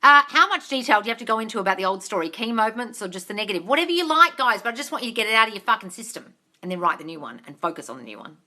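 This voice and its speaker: A woman's voice: medium pitch, expressive, rapid-fire, few pauses, pushed and bright. A young woman running a livestream Q&A as a manifestation coach, blunt and sweary, stressing her points and reading viewers' comments aloud. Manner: blunt, sweary, emphatic, reads chat aloud. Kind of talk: ranting livestream Q&A.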